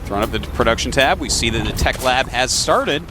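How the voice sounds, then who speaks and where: A man's voice: medium pitch, lively intonation, fairly quick, over music. A man casting a live video game match, talking casually and joking while he analyzes the play. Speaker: esports caster.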